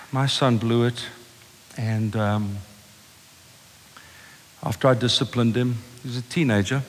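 A man's voice: mid-range voice, fairly even intonation, takes it slowly, long pauses, slight background noise. Passionate preacher man in a reverberant hall. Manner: passionate, swings from loud preaching to hushed storytelling. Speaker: pastor. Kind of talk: sermon. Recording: long reverb of a large hall.

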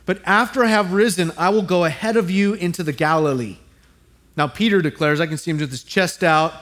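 A man's voice: high voice, a little fast. A man, a pastor, preaching a sermon, telling stories with humor, often repeating words as he restarts and talking right to the audience. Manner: storytelling with humor and audience asides; frequent restarts, animated and acting out voices.

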